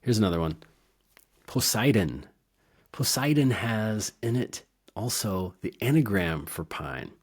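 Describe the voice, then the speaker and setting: A man's voice: fairly low pitch, lively intonation, unhurried, breathy edge. A man hosting an herbal podcast, talking in a rambling, playful way and laughing at his own wordplay. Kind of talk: casual educational monologue.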